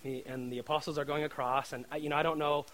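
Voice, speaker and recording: Over poor audio, a preacher gives a casual sermon fast, chatting and joking and often asking "right?" When excited, he gets louder and higher.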